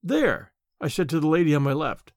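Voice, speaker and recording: A man narrating a story podcast in an expressive storytelling manner. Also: a little high, quick pace, clean tone, no echo, studio quality. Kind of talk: scripted audiobook narration.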